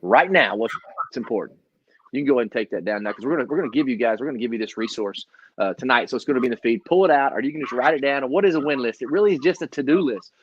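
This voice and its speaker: A middle-aged man giving a casual motivational talk as a trainer, energetic and laughing often, with many restarts. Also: mid-range voice, racing, dull audio, slight background noise. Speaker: trainer co-hosting a live training session.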